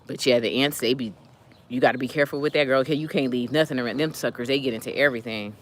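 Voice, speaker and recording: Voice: mid-range voice, rapid-fire. A regular on a live audio chat, telling stories in a loose, rambling way with lots of fillers and restarts. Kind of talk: casual storytelling chat. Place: lives in San Diego.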